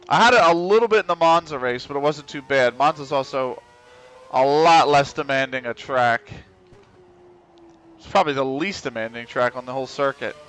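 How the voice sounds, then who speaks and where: A man's voice: mid-range voice, moderate pace, pauses often, a bit bright, smooth. A man streaming a racing game live, chatting to himself in casual commentary, swearing and grumbling as he drives. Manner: muttering to himself, swearing, frustrated laughs.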